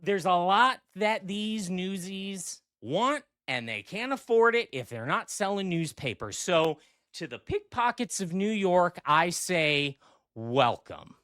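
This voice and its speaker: A man hosts a comedy podcast, talking slowly with a lively, swooping pitch. He keeps breaking off to riff on his own script, and the sound is close and dry, with no room around it. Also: smooth, no room sound. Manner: digressive, self-interrupting, riffing off a script. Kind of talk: rambling comedic monologue. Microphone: desk mic.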